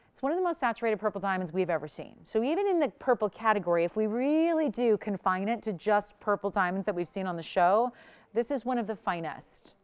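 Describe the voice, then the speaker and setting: A woman's voice: mid-range voice, clean tone. A woman hosting a live jewelry shopping show, chatty and enthusiastic, laughing often as she sells.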